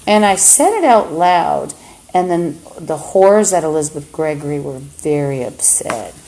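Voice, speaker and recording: A woman's voice: low voice, expressive, a little slow, warm tone. A woman talking into a phone on a livestream in an agitated, rambling monologue, swearing often. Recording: roomy echo, faint background hum.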